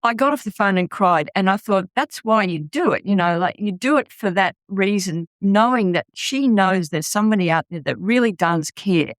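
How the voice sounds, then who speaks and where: A middle-aged Australian woman speaks plainly and earnestly in an interview, her voice sitting at an ordinary pitch. She restarts her sentences often. The recording is dry and close, with no room sound. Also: expressive, normal speed, few pauses, dry recording. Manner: earnest, blunt, frequent restarts. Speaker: charity founder. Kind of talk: candid interview storytelling.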